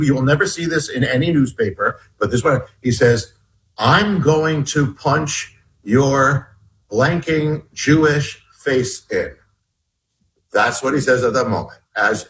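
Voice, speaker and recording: A man's voice: medium pitch, fairly bright tone, poor audio. A man, an author being interviewed, earnestly recounting a personal story with many restarts and repeated words. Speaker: author guest.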